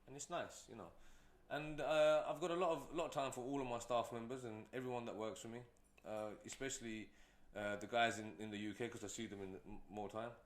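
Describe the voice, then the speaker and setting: A man's voice: mid-range voice, steady tone, fairly quick, hardly any pauses, echoey room. A man who is a guest entrepreneur, telling stories in a casual, rambling way with many fillers. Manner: rambling, storytelling, frequent fillers. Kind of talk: casual interview talk.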